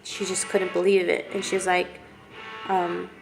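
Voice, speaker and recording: A woman telling a painful personal story to camera in a halting, candid way, with many fillers and restarts. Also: fairly low pitch, completely flat delivery, creaky. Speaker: vlogger. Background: music playing.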